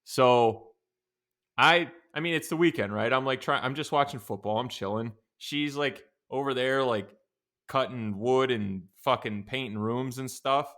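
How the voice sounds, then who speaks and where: A young man co-hosts a casual podcast, talking in a laid-back, rambling way and swearing freely. His voice sits in a middle pitch, and he tells his stories at an easy pace. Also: unhurried, fairly bright tone. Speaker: podcast co-host. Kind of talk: casual chat.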